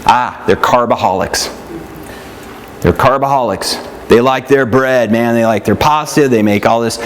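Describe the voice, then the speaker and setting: A man's voice: mid-range voice, measured pace, a little hiss or hum. A man teaching a nutrition class in a casual, conversational way, often checking in with "right?" and "yeah?" and acting out what other people say. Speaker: nutrition instructor.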